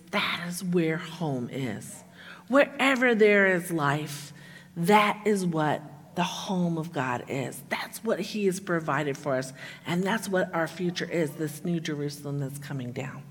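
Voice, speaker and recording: A woman preacher delivering an earnest sermon, reading scripture with emphasis and dropping to near-whispers to stress points. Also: on the low side. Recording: echoey hall with long reverb.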